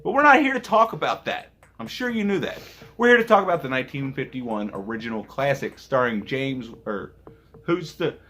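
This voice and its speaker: A man's voice: mid-range voice, lively intonation, brisk, pushed and bright. A man casually reviewing an old movie on his vlog, rambling and joking with profane asides.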